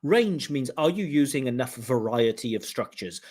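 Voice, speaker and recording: A man's voice: mid-range voice, moderate pace. A man working as a speaking test examiner, giving a candidate direct, explanatory feedback on his scores. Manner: direct, explanatory, mimics flat intonation with "duh duh". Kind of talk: giving spoken exam feedback.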